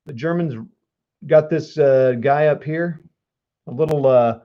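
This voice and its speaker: A man whose voice is a little high speaks in an unhurried way, the recording muffled. Streaming a board wargame live, he keeps up casual, joking commentary, teasing himself and responding to his viewers.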